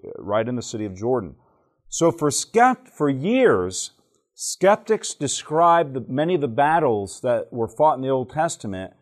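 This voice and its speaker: A man from Alabama, giving a church teaching talk to a live audience. He tells jokey stories and keeps quizzing the listeners. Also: medium pitch. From Alabama, southern United States. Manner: joking storyteller who quizzes the audience.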